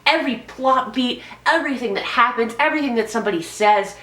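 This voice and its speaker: A woman's voice: on the high side, fast talker, fairly bright tone, echoey room. A young woman giving a casual, profane, sarcastic movie review and mimicking characters in mock voices.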